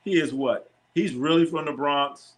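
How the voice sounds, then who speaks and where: A man's voice: a little high, measured pace, noisy background. Joking man streaming a watch party. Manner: loose, joking, repeats himself, talks to chat. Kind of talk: casual live play-by-play and chat reactions.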